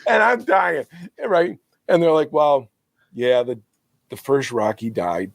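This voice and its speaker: Lively laughing storyteller man, dry sound. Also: fairly high pitch, slow pace, creaky, no room sound. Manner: animated storyteller who laughs while retelling. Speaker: podcast co-host. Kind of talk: casual chat. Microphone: podcast microphone.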